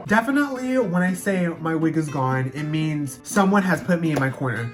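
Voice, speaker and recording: A woman's voice: sits low, expressive, moderate pace, few pauses, music in the background. A young woman casually explaining slang words to her viewers, playful and dramatic, acting out her own examples. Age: young adult. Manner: playful, dramatic, slips into sing-song quoting.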